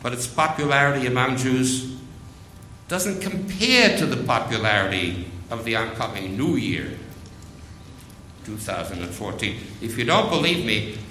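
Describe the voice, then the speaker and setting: A man preaching a sermon, slow and emphatic, repeating phrases for weight. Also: mid-range voice, big pitch swings, pushed and bright, reverberant, a little hiss or hum, low-quality recording.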